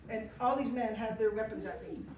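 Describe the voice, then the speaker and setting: A woman with a slightly high voice talks a little fast as she tells a travel story to a small live audience, bringing the quoted dialogue to life with plenty of animation. She's a guest speaker in an event room, recorded on a distant mic that sounds roomy with faint background noise.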